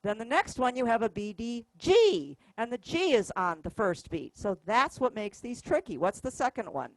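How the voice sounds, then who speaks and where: A woman's voice: fairly high pitch, very animated, moderate pace, no echo, low-quality recording. A woman teaching a music workshop, patiently explaining rhythms by counting and singing the notes aloud. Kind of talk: classroom instruction. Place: music store classroom.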